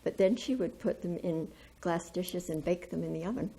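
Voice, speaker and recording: A woman calmly recalling a family recipe in a matter-of-fact way. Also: lowish voice, moderate pace, gravelly, husky, rough recording. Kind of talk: oral history reminiscence.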